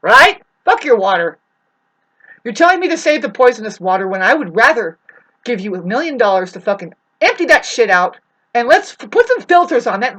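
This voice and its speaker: A woman's voice: on the high side, sing-song, fairly quick, a bit bright, rough recording. A woman delivering a rambling, profane, agitated monologue to the camera as a vlogger.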